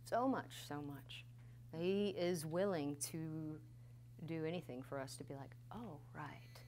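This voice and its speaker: A woman worship leader in her thirties giving a candid, animated teaching talk at a church conference. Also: deep voice, unhurried, slight background noise. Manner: candid, animated storytelling with laughs.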